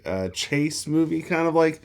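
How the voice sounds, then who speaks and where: A man co-hosting a film podcast, talking casually in a halting way, full of fillers and restarts. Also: on the high side, expressive, smooth. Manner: halting, self-correcting, filler-heavy. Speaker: podcast co-host.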